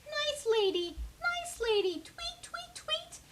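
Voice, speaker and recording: Greedy screeching birds: piercing high squawks, bright and sharp. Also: female voice, very animated, slow, slight background noise, exaggerated voice. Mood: sweet. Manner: shrill squawking cries.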